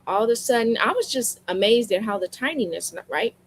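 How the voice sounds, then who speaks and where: A livestream seller chats casually with her viewers in a fairly high, expressive, slightly breathy voice, talking fairly quickly. She tells stories straight to them and repeats lines for emphasis, though her streaming mic gives poor audio.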